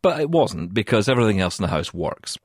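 A man from the UK co-hosting a podcast in casual chat, telling a story in an animated way and often laughing. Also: lowish voice, fast talker, breathy edge, dry recording, clean studio sound. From United Kingdom. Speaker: podcast co-host.

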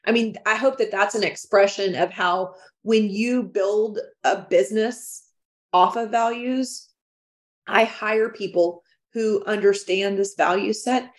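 A woman speaking as a guest on a business podcast, talking in an emphatic, expressive way with frequent restarts and laughs. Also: mid-range voice, a little slow. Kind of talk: casual interview chat.

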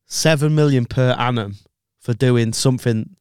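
A laid-back man hosts a podcast, tossing out slangy banter in a smooth, resonant voice at a middle pitch. The sound is dry and close to the mic. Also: moderate pace, a little mellow, no echo. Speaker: podcast host. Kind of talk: casual podcast chat.

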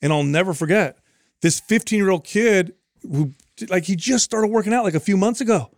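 Male trainer co-host, a bit high, laid-back anecdotes, dry sound. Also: a little fast, no room sound. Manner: relaxed anecdotal, swears casually. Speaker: podcast co-host, fitness trainer. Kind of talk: casual chat.

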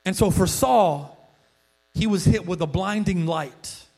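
A man's voice: high voice, unhurried. A male pastor preaching a sermon in a conversational storytelling way, with frequent restarts. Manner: conversational storytelling, frequent restarts, rising excitement when acting out quotes.

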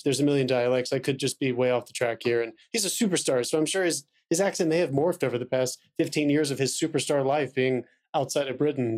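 A man's voice: medium pitch, darkish tone. A man co-hosting a podcast, talking in a tentative, hedging way as he thinks aloud in casual chat. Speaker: podcast co-host.

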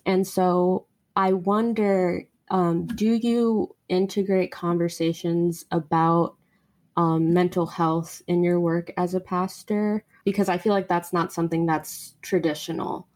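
A woman hosting an interview podcast who asks thoughtful, measured questions and often pauses on "um". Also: fairly low pitch, steady tone, darkish tone. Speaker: podcast host.

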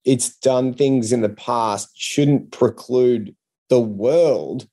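A man's voice: medium pitch, extremely slow, dark tone. A man who is not from the United States pushes back in a casual podcast chat, arguing his points. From outside the United States.

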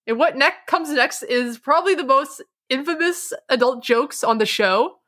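Bright, animated woman recapping a cartoon. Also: high-pitched. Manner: animated, laughing, does quick impressions. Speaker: podcast co-host. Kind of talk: casual episode recap.

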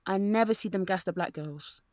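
A woman co-hosting a podcast in casual chat, talking in an animated way and mimicking the people she quotes. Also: medium pitch, brisk, no echo, studio quality.

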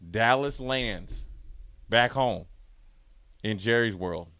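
A man's voice: mid-range voice, takes it slowly, bright, forceful tone, clear, resonant tone, no room sound, studio quality. A man talking sports in a playful, riffing debate, spinning out game scenarios. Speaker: sports talk host.

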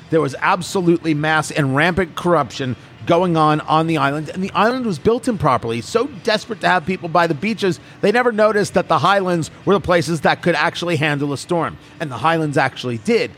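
A man's voice: a little high, brisk, few pauses, slight background noise. A man hosting an opinionated political talk show, emphatic and mocking. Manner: animated, emphatic, mocking asides.

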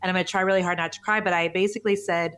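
A woman's voice: lowish voice, steady tone, very fast, a bit bright, smooth. A woman in her forties telling a personal story as a podcast guest, earnest and emotional. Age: 40s. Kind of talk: conversational interview.

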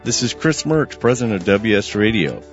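A man's voice: animated, normal speed. A man reading an upbeat radio advertisement as the head of a radio network. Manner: upbeat pitchman delivery. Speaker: radio network founder doing ads. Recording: dull, slightly lo-fi radio audio with faint music.

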